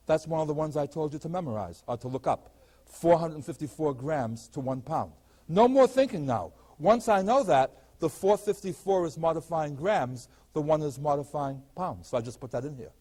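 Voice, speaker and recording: A man's voice: a little high, dark tone. An older male math professor giving a recorded lecture, explaining each step and asking rhetorical questions.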